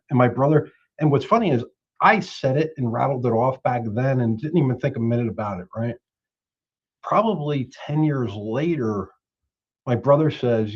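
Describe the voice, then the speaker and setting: A man telling a personal story in casual chat on a web show, animated when quoting others. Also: medium pitch, a little fast, breathy edge, highs cut off. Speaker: show participant.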